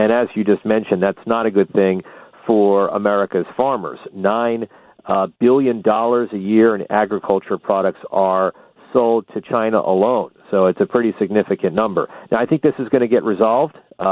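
Low-voiced man on a tinny phone line. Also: no room sound. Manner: measured, with frequent "uh" fillers. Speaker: correspondent. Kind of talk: live interview by phone.

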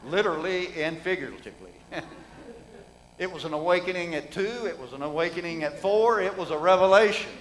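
A man's voice: high-pitched, expressive, a little fast, a bit bright, low-quality recording. A middle-aged man preaching a sermon in a folksy, conversational way, asking the congregation rhetorical questions.

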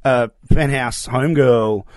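A man's voice: mid-range voice, a little slow, dry recording. An Australian man, a comedian, rambling and self-mocking as he tells stories in a casual podcast chat. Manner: rambling, self-mocking storyteller with many fillers. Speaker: comedian guest. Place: shed.

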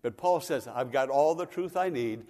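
A man's voice: medium pitch, normal speed, mellow, big-room sound. A man preaching a sermon as pastor, building to emphatic bursts. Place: church.

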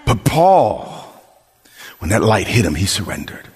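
A man preaching a sermon with passion, moving from low, quiet lines to raised, shouted appeals. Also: big pitch swings, measured pace, in a large hall. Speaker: pastor.

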